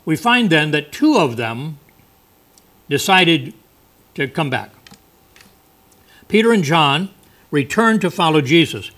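A man's voice: a little high, sing-song, slow pace, long pauses, a bit bright. A male preacher giving a folksy, conversational sermon with asides.

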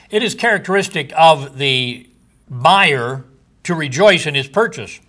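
A man, likely older, delivering a sermon slowly and deliberately, letting his phrases trail off softly at the ends. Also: medium pitch. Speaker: preacher.

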